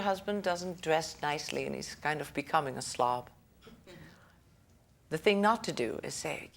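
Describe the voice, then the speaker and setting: Speaking like a school director, a woman with a somewhat low, creaky voice gives a relaxed lecture to parents on raising children. She's conversational, checking in with the audience and laughing often, and acts out the people in her anecdotes.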